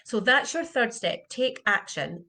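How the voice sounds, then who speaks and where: A woman's voice: fairly high pitch, animated, unhurried, sharp tone. Earnest middle-aged woman coaching. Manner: earnest, heartfelt, repeats questions for emphasis. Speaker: animal communication coach. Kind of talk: motivational talk to camera.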